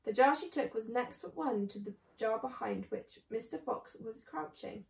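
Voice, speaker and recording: A woman reading a children's book aloud, clear and measured. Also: a little high. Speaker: storyteller. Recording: echoey room.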